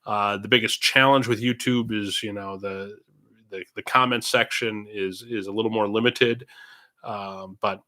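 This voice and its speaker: Male parish priest, streaming from home, meandering talker, lowish voice with a forceful edge. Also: steady tone, measured pace. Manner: chatty and meandering, drifting between topics. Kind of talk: casual livestream Q&A. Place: indoors at home, own room. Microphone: computer streaming setup.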